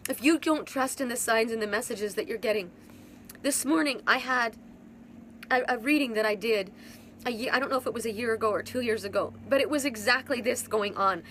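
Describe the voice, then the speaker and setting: A woman with a fairly high voice speaks through tears in a live spiritual monologue. She is earnest and emotional and circles back over the same phrases, with a faint hiss behind her. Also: fairly bright tone. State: crying. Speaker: spiritual reader.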